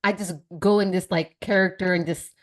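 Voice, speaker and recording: A woman's voice: lowish voice, fairly even intonation, brisk. A woman from the United States, a podcast guest, chatting in a playful way and laughing easily. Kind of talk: casual podcast chat.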